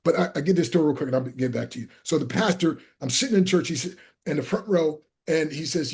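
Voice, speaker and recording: A middle-aged American man tells his stories in a fairly high voice and acts out everyone in them. He sometimes breaks into shouts. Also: fast talker. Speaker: guest speaker. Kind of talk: animated storytelling.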